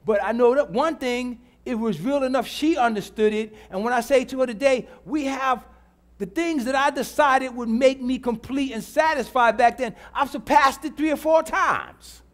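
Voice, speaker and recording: A man's voice: very high-pitched, normal speed. A middle-aged man preaching a sermon in church, repeating his lines and calling out to the congregation. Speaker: pastor.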